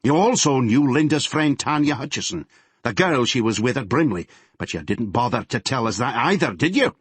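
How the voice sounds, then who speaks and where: A man voicing a gruff, bullying male detective with a Glaswegian accent, snarling through an interrogation in an audiobook. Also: medium pitch, lively intonation, moderate pace, no room sound, voice pushed up. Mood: menacing. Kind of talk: audiobook character reading.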